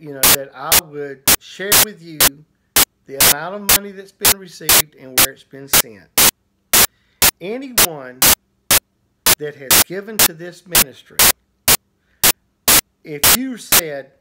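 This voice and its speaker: Brief: male evangelist, slow and earnest, lively pitch, loud static hiss throughout. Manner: earnest, drawn-out preaching with repetitions. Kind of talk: preaching to camera.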